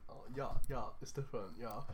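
A man's voice: medium pitch, fairly quick, a little hiss or hum. A British man co-hosting a podcast in casual chat, joking drily and laughing in wheezes. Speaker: podcast co-host.

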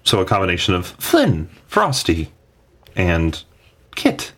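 A man narrating as game master of a tabletop game, halting and hesitant. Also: sits low, fairly bright tone.

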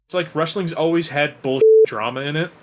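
A man's voice: fairly high pitch, fairly quick. A man co-hosting a casual podcast chat, talking bluntly with swearing and lots of filler words. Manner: blunt, swearing, heavy use of "like". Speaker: podcast co-host.

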